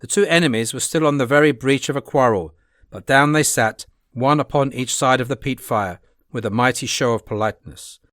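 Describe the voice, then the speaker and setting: A man narrating a classic adventure novel in a steady, plain reading voice. His pitch sits in the middle range. The recording is dry and close, with no audible room. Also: a little fast, dry recording. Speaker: audiobook narrator. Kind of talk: audiobook narration.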